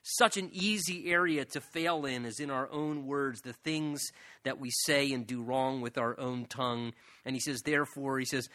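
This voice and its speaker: A man's voice: mid-range voice, normal speed, sharp tone, no echo. A man preaching a sermon in a conversational way, retelling scripture in casual words and chuckling often.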